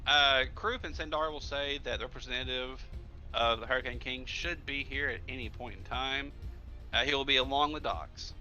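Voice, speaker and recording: A man's voice: medium pitch, sharp tone. A man narrating a tabletop game as game master, rambling casually with lots of fillers, on slightly muffled stream audio.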